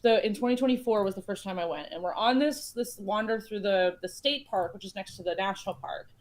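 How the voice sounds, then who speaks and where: A woman from Chicago in the United States is a guest in a casual chat over a board game, telling long, rambling stories full of fillers and restarts. Her mid-range voice moves a little fast.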